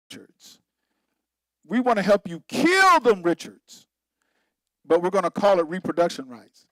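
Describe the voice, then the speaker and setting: A man's voice: sits high, very animated, measured pace, long pauses, a bit bright, no echo, poor audio. A man, a pastor, giving an informal Bible teaching in a conversational, emphatic way, repeating himself and laughing at his own points.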